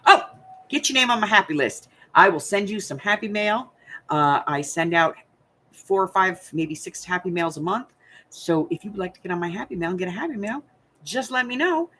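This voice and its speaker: A woman's voice: medium pitch, expressive, moderate pace, bright, forceful tone. An older woman from the United States hosting a crafting channel, chatting casually and rambling to her viewers while she thinks aloud.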